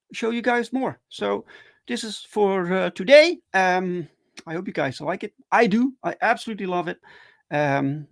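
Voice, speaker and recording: A man hosting a casual livestream chat, excitable and full of fillers and restarts. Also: sits high, creaky, dry recording. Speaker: talk show host.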